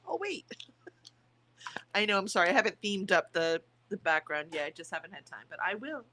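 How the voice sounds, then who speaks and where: Woman host, mid pitch, gravelly, rough first-thing voice; loose, chatty stream talk with comments read aloud. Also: a bit bright, slight background noise. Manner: chatty, reads viewer comments aloud with small laughs. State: voice rough in the morning. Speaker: streamer hosting writing sprints. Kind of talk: casual livestream chat, reading chat aloud.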